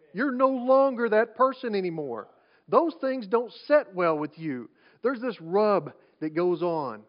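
High-voiced preacher, lo-fi. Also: male voice. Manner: conversational preaching with rhetorical questions and repeated restarts. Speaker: pastor. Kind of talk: sermon. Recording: dull lo-fi sound.

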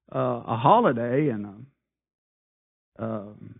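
A man preaching a sermon, firing off rhetorical questions and swinging between loud appeals and hushed asides. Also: medium pitch, expressive, a little slow. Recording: tinny phone-like sound.

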